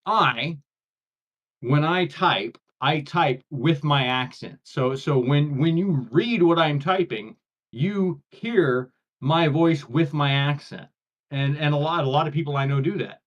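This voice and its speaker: A man's voice: fairly high pitch, slow pace. A man, co-hosting a casual chat and rambling through restarts and fillers. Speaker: podcast co-host. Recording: dull lo-fi audio.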